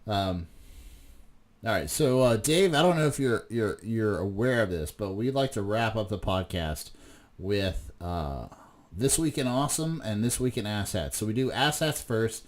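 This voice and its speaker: A man's voice: on the low side, lively intonation, a little slow. A man from West Virginia co-hosting a podcast in casual chat, rambling with plenty of swearing and restarts. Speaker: podcast co-host.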